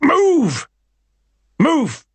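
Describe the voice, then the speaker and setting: A man's voice: on the high side, expressive, normal speed, fairly bright tone, no room sound, voice pushed up. A man playing a flustered new newspaper editor who tries to sound firmer than he feels. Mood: shouting. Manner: flustered, trying to sound firm.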